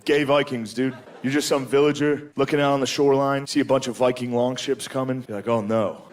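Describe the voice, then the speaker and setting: Crude, casual stand-up comedian. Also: male voice, mid-range voice, quick pace. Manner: crude, casual, deadpan bro talk.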